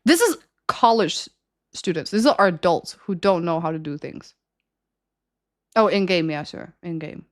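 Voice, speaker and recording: A woman's voice: on the low side, lively intonation, unhurried. A young woman streaming and chatting casually with viewers, giggling often and ranting with plenty of swearing. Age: young adult.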